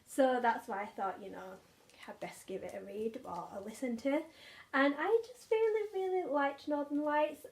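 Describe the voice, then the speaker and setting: A woman's voice: high voice, moderate pace, a little mellow. A young woman, chatting enthusiastically about favourite audiobooks, often repeating words for emphasis. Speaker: book vlogger. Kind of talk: casual chat.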